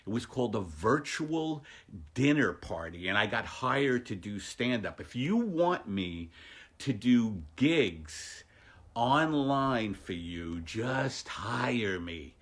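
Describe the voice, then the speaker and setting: A man's voice: medium pitch, sing-song, takes it slowly, fairly bright tone, slightly rough. A male comedian rambling through a casual livestream from home, self-mocking and jokey. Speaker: stand-up comedian hosting a livestream. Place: home, during lockdown.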